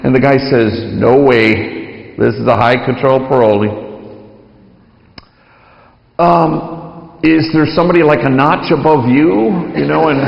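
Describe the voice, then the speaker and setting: A man speaking as a priest, telling a story to an audience with lively acted-out quotes. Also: medium pitch, vocal fry. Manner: animated storytelling, acting out quoted voices. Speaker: priest giving a talk. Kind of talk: storytelling lecture. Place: large lecture hall. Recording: echoey hall, dull lo-fi sound.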